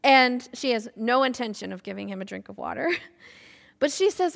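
A woman preacher delivers an animated sermon and acts out the people in her story. Her fairly high voice has a gravelly edge. The recording carries a long reverb, as in a large hall. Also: normal speed. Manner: animated, with laughs and acted quotes.

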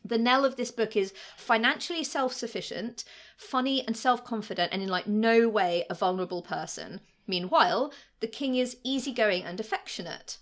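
A woman's voice: on the high side, normal speed, a bit bright. A woman co-hosting a podcast, telling history stories in a chatty, casual way, with many "like" fillers and frequent laughs. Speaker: podcast co-host.

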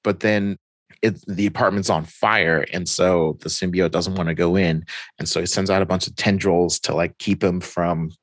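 A man's voice: low-pitched, steady tone, normal speed, dry recording. A man in casual chat, animatedly retelling a comic storyline and acting out the characters' lines.

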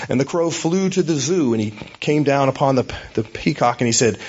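A man's voice: medium pitch, expressive, a little fast, hardly any pauses, husky, lo-fi sound. A man preaching a sermon as a pastor, in a conversational, storytelling way with hesitations.

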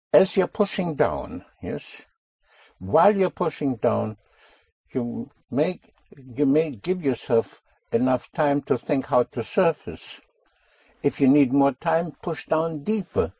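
Male language tutor, unhurried and deliberate, repeats sounds, husky tone, dry close sound. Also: on the high side, sing-song, warm tone, no echo. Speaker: language teacher. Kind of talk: spoken language lesson with a student.

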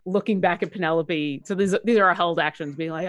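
A woman's voice: on the low side, fairly quick. A woman playing a tabletop role-playing game, polite and careful as she explains her moves. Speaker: player.

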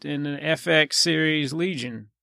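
A wisecracking man bantering on a comedy podcast. His voice is on the higher side, bright and forceful, recorded close and dry. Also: measured pace, vocal fry, dry recording. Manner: wisecracking, playful. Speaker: podcast co-host.

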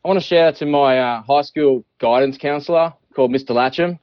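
A man with an Australian accent calls in as a podcast guest for a casual chat, joking, swearing and laughing often. His voice is a little high and brisk, captured in a dry, dull recording.

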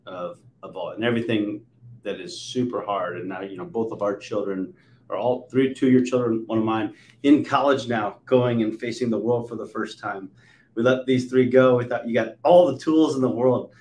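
Animated storytelling man, roomy sound. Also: on the low side, normal speed, slight background noise. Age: 40s. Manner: animated storyteller, swings between loud and soft. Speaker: podcast host. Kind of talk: conversational interview. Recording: roomy echo.

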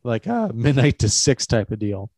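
A man's voice: medium pitch, sing-song, moderate pace, a little mellow, dry recording, clean studio sound. A man co-hosting a podcast, chatting casually about a film and laughing often. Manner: laid-back, laughs often. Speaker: podcast co-host. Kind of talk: casual movie chat.

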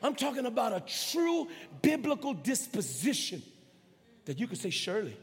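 A pastor preaching a sermon in a church, calling out to the congregation and swinging from soft delivery to shouts. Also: male voice, very high voice, big pitch swings, moderate pace. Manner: impassioned preaching with call-and-response. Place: church sanctuary. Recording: long hall reverb.

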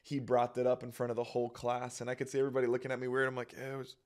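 A man's voice: medium pitch, monotone, very fast, a little mellow. A young man telling a personal story in a rambling, self-conscious way, full of fillers and little acted quotes. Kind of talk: casual storytelling.

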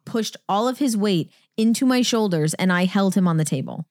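A woman's voice: medium pitch, expressive, normal speed, a little mellow, no room sound, clean studio sound. A woman co-hosting a podcast, chatting casually and playfully defending herself as tougher than she looks. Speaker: podcast co-host. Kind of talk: casual chat.

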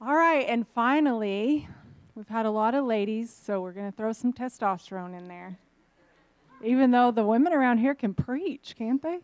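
A woman introduces the next preacher with a playful, teasing tone. Her voice sits fairly high, and the sound is dull, lo-fi and dry. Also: normal speed, darkish tone, dry recording. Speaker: service host introducing the speaker.

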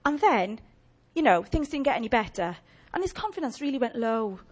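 Lively woman preaching. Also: fairly high pitch, brisk. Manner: animated, comic, mimicking. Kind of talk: storytelling sermon.

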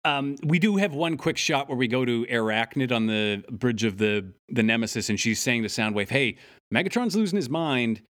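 A podcast co-host talking through an animated episode with a friend. His voice sits at an ordinary middle pitch, and he keeps it loose and conversational, breaking into playful impressions of the characters. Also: normal speed. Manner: animated, acts out character lines in funny voices. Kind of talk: casual recap chat.

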